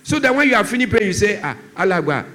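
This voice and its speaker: Racing along in a sharp tone, a Nigerian man who is a doctor speaking on drug abuse delivers a church talk. He narrates stories and acts out each person's voice, with big shifts in pitch.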